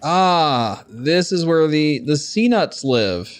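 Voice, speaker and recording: This streamer is a man with a higher-than-average, animated voice who takes things slowly. He chats casually about the game, jokes around, swears and talks with his viewers.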